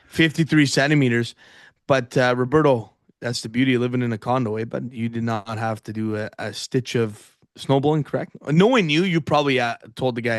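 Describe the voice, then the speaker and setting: A man's voice: medium pitch, fairly quick, no room sound. A man hosting a casual sports podcast, with dry, teasing banter. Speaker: podcast host.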